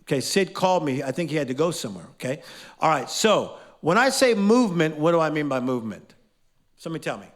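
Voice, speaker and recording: High-voiced man leading a lively class. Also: fast. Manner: energetic, playful, quizzes the audience. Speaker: motivational teacher. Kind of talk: live motivational class with call-and-response. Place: class in front of a live audience.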